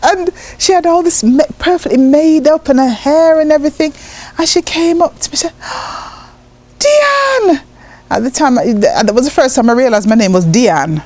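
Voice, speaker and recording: A woman from Jamaica, a poet, telling personal stories in an interview with an animated manner, acting out voices and laughing often. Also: sits high, a little fast. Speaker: guest, poet and writer.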